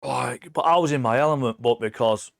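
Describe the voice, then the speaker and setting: A man in his forties with an English accent, telling stories in a sweary, animated casual chat as a podcast guest. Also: medium pitch, a little fast, vocal fry, dry recording, studio quality. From England. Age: 40s.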